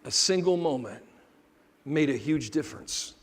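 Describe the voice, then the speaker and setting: A high-voiced man tells a motivational story on stage, swinging between hushed moments and loud bursts as he acts out each person in it. His voice rings through a big hall with a long trailing echo. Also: animated, unhurried. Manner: dramatic shifts between hushed and loud, acting out dialogue. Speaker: motivational speaker.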